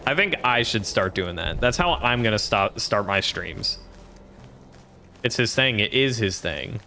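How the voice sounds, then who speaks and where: A man's voice: on the low side, animated, moderate pace, bright, forceful tone, faint music behind. A man streaming a game, joking and rambling in casual commentary, cursing freely.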